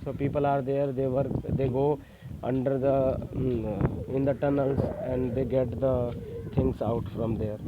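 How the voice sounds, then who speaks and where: A man's voice: medium pitch, level tone, a little slow, noisy background. Hesitant Indian-accented male teacher, tinny sound. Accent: Indian English. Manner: hesitant with many fillers, stressing points for exams. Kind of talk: classroom lecture.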